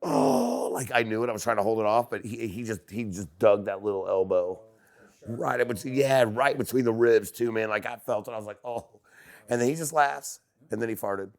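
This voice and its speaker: A man on a podcast as a guest, chatting casually and telling animated stories, acting out quotes. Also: fairly low pitch, a little fast, gravelly. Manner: animated storyteller who acts out quotes.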